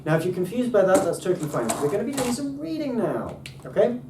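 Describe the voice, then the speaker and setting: A man teaching a casual language lesson with enthusiasm, often pausing on ums and restarting his sentences. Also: sits high, very animated. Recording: roomy, distant mic, faint background noise.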